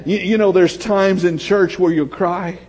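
A man preaching a sermon as pastor, swinging from shouts down to hushed storytelling. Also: sits high, steady tone, unhurried. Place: church sanctuary. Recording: long hall reverb.

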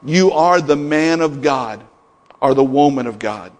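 Long hall reverb surrounds a middle-aged pastor as he preaches. His mid-range voice moves with lively intonation at an unhurried pace, and he stacks repeated declarations that rise in emphasis.

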